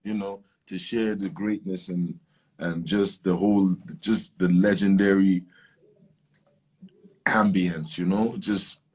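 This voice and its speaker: A young man talking in a relaxed, drawn-out way in a casual interview, often saying "man". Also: sits low, slightly rough. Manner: laid-back, drawn-out, saying "man" a lot. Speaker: musician guest.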